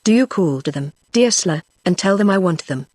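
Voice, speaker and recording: A text-to-speech voice reading the lines of a gentle, innocent young woman in a storybook, in an even synthetic delivery. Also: medium pitch, moderate pace, dry recording, natural voice. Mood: pleading.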